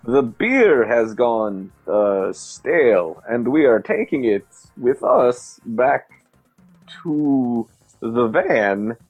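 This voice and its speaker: Man putting on a slow, stiff foreign stranger. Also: lowish voice, lively intonation, creaky, dark tone, slightly rough, no echo, faint music behind, exaggerated voice. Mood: stiff polite. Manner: very slow, stiff, overly polite wording. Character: slow formal foreign male smuggler, stiff and polite.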